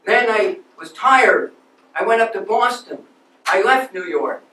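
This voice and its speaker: A man portraying a restless, passionate nineteenth-century landscape architect who recounts his life in an earnest, swelling manner. The voice sits high for a man and rings out in an echoey hall, picked up from a distance. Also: lively intonation, a little slow, pushed and bright, slight background noise, exaggerated voice. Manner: emotional, earnest storytelling with sudden outbursts. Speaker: historical reenactor. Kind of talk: first-person living-history monologue. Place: lecture hall.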